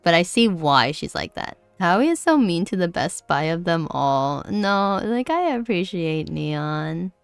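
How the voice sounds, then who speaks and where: A woman's voice: fairly low pitch, very animated, unhurried, few pauses, clean tone, no echo, faint music behind. A woman streamer chatting casually during a game, giggly and apologetic, talking close to her mic. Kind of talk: casual gaming livestream chat. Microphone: close desk mic.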